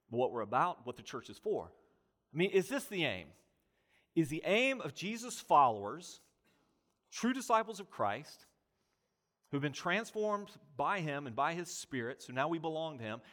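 A man preaching a sermon, pressing rhetorical questions and building emphasis through repetition. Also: fairly high pitch. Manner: animated preaching, voice rising and falling with emphasis. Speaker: pastor.

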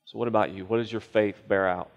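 In a reverberant church sanctuary, a pastor delivers a sermon with earnest, emphatic preaching and repeated phrases. His voice is fairly low and steady, he speaks fast, and the audio sounds dull.

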